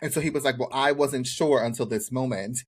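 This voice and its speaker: A man's voice: mid-range voice, brisk, slightly rough. A man co-hosting a podcast with an American accent, recapping a reality show in casual chat and acting out what people said. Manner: animated storyteller acting out quotes. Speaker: podcast co-host.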